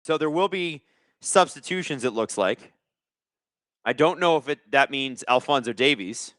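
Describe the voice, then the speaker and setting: A young man hosting a live watch-along, reacting to the game with sarcastic, excitable commentary. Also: medium pitch, no echo, studio quality. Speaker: live stream host.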